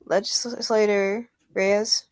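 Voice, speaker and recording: A woman's voice: medium pitch, little pitch movement, slow, darkish tone, a little hiss or hum. Young woman, student meeting chair, flustered and apologetic, reads names over a video call. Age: young adult.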